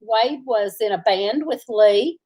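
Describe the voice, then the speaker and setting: Slow, husky woman laughing. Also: fairly high pitch, a little mellow. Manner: laughs often, drawling storyteller. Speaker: livestream co-host. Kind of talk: casual live chat.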